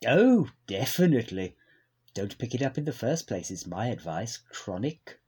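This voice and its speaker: Posh British record-label gent, prim and baffled, very swooping pitch; a man puts him on. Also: very animated, moderate pace, darkish tone, breathy edge. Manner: plummy, stiffly polite, literal-minded.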